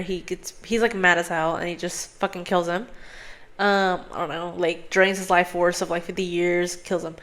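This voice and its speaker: A young woman hosting a podcast, casually retelling a film's plot in a rambling way, full of "like" and swearing and acting out the characters. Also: lowish voice. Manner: rambling, heavy on "like", frequent swearing; animated storyteller who acts out characters' lines. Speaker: podcast host.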